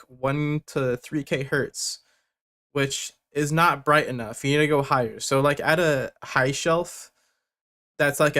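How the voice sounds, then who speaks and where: With a fairly high, fairly bright voice, the young man hosting the livestream gives blunt feedback on tracks sent in to him, a music producer joking casually and swearing as he goes.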